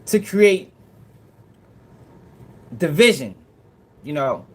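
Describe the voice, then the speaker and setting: Male reaction-show host, slightly high voice, slangy, profane, addresses viewers directly. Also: lively intonation, normal speed, long pauses. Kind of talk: casual reaction commentary.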